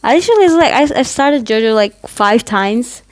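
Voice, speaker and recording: A woman's voice: fairly high pitch, animated, moderate pace. Gushing rambling woman vlogger. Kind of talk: casual recap.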